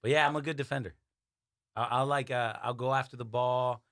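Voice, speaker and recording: Guest dude on a comedy podcast, relaxed cussing stories, mid voice, dry sound. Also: male voice, mid-range voice, a little fast, dry recording. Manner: laid-back, profane storytelling. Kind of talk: casual chat.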